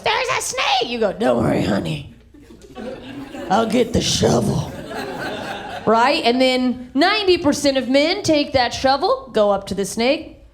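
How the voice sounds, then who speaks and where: A woman from the American South doing a live stand-up comedy set on a handheld stage mic, brash, swinging her voice high and low for punchlines. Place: live comedy venue with audience. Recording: live show with crowd laughter. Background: audience laughter.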